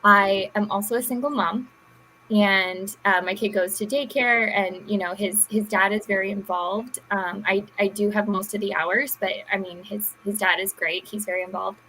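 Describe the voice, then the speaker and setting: A young woman panelist introducing herself with halting speech and many fillers on a video call. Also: medium pitch, steady tone, sharp tone, slight background noise, low-quality recording. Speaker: panelist, YouTuber.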